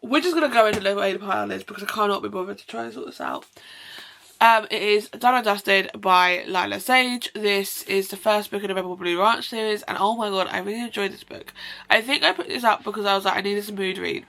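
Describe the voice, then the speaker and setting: A woman's voice: medium pitch, vocal fry, sharp tone. A young woman chatting at home about the books she read, effusive and rambling, often breaking off to apologise. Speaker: book vlogger. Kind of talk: casual chatty book review.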